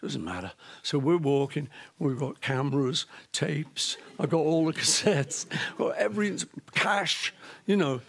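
A man, a guest in an interview, telling a story in a lively way, laughing and acting out the voices of the people in it. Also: on the high side, measured pace, creaky. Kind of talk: casual anecdote telling.

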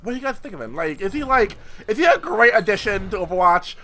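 A man commentating his own gameplay as a video host, excitable and swearing a lot, often squealing. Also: high-pitched, quick pace, slight background noise. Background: game music and sound effects.

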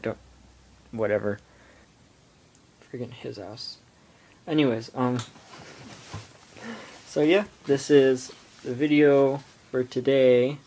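A teenage boy rambling through a casual home vlog into his iPod camera, halting and full of fillers. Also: mid-range voice. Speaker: vlogger.

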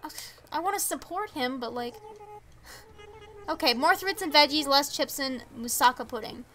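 A woman's voice: sits high, moderate pace, bright, forceful tone, a little hiss or hum. A teenage girl streaming a life-sim game, chatting casually with viewers and reacting to the villagers. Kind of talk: casual live-stream chat while gaming.

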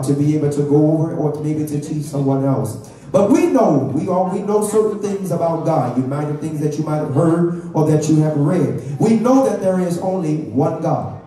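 A man's voice: a little high, warm tone. A man preaching a sermon as pastor, asking the congregation for amens. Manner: preaching with call-and-response questions. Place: church sanctuary. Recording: echoey church from far off.

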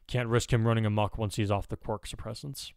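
A weary, stern male teacher, read by a man. The voice sits a touch lower and softer than his narration, dry and close-miked. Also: level tone, fairly quick, dry recording, close to an everyday voice.

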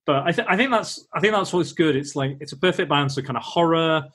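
A podcast host rambles through a casual film chat, acting out movie lines in quick voices. His voice is fairly high, a bit bright and husky.

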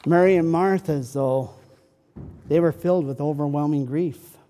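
High-voiced pastor preaching in a reverberant church. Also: male voice. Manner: dramatic, swings from loud pleading to soft slow hush. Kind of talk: sermon. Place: church sanctuary. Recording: church hall with long reverb.

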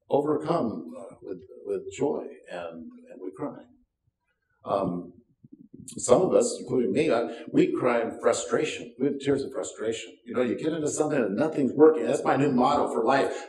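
An older man with a fairly high, darkish voice preaches a sermon as pastor in a church sanctuary. He's folksy and self-deprecating, tossing in wry asides. The recording sounds roomy and distant.

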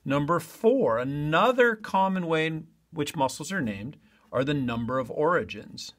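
A man's voice: a little high, animated, unhurried, a bit bright. A man teaching an online lesson in a chatty way, talking straight to his students. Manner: chatty, talks to students directly.

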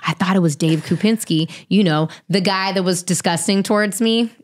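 A woman in her thirties telling stories as an interview guest, animated, profane and self-mocking. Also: lowish voice, moderate pace. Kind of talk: casual storytelling.

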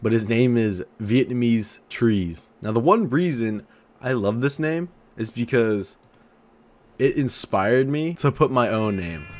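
A man's voice: mid-range voice, lively intonation, measured pace. A young man reading viewer comments in a casual vlog, joking and crude, swinging between mumbles and outbursts. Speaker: YouTuber.

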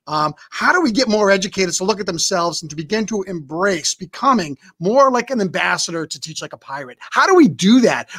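A man's voice: sits high, fairly bright tone. A man hosting an interview podcast, asking questions and responding in an enthusiastic, encouraging way. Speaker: podcast host.

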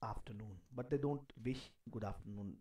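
A man teaching a live online beginner German class, slowly repeating each phrase with care and clearing his throat now and then. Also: on the low side, dark tone, distant mic.

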